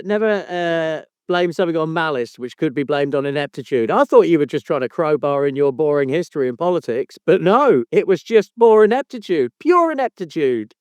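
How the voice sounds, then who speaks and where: A man hosting a podcast with a high, bouncy voice that swings all over the place. He ribs his co-host in mock outrage and swears freely. The sound is dry and close to the mic. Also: a little mellow, smooth, no echo. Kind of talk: casual podcast banter.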